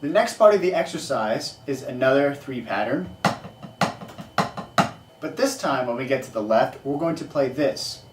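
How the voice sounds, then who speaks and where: A man's voice: medium pitch, lively intonation, moderate pace, pauses often, recorded from a distance. A man teaching a drumming exercise, explaining sticking and counting rhythms aloud. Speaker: drum teacher. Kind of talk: casual instructional explanation. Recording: echoey room, off-mic, noisy.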